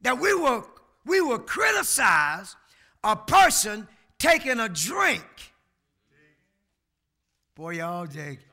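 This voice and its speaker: High, gravelly-voiced preacher man. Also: very animated, takes it slowly, pauses often. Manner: emphatic preaching, shouting on key words, talking back to the congregation; colloquial, folksy asides. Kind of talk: sermon.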